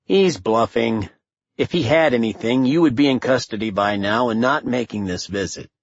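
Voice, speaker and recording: A man reading an audiobook, voicing a silky, controlled male schemer who talks smoothly and without hurry, from a slightly dull recording. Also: mid-range voice, no room sound, natural voice. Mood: cool, menacing. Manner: smooth, controlled modulation, unhurried.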